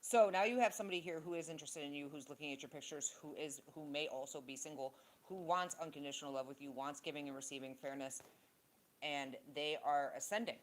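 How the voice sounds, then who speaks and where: Low-pitched woman, tarot reader, casual and profane, wanders off on tangents. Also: quick pace, few pauses, a little hiss or hum, rough recording. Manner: blunt, profane, rambling asides. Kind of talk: casual tarot reading monologue.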